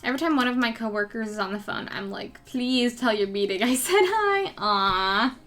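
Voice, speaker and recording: A woman's voice: a little high, lively intonation, normal speed, a bit bright, soft background music. A young woman chatting casually with her viewers and her cat during a live drawing stream.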